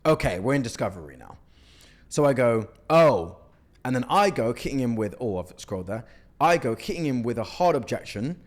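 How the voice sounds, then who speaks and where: Blunt, animated young man coaching. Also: medium pitch, moderate pace. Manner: blunt, animated, mocking, says "okay?" a lot. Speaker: outreach coach reviewing cold emails. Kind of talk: casual critique to camera.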